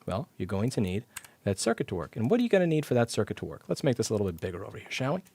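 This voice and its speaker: A man's voice: fairly low pitch, big pitch swings, very fast, vocal fry, a little mellow. A man teaching electronics repair on a live stream, blunt and sarcastic, cursing casually as he explains the circuit step by step. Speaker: repair instructor. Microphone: clip-on mic.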